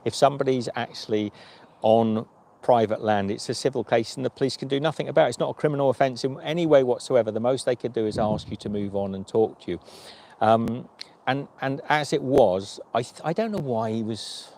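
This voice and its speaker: A man in mid-range pitch chats on a livestream, spinning anecdotes and acting out what others said. He talks like a hiker sharing his day on the trail. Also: fairly quick, darkish tone. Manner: chatty anecdotes acting out quoted dialogue. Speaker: vlogger and long-distance hiker. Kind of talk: livestream storytelling chat.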